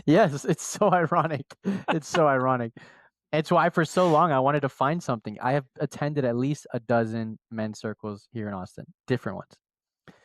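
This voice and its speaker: A man co-hosting a podcast, telling a story in casual chat with an animated, slangy delivery. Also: mid-range voice, normal speed, dry recording. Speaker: podcast co-host.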